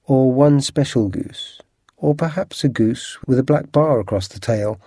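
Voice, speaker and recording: A man reading aloud and voicing a cool, stern male detective who speaks in a measured way. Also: mid-range voice, dark tone, husky, no echo, studio quality. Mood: probing.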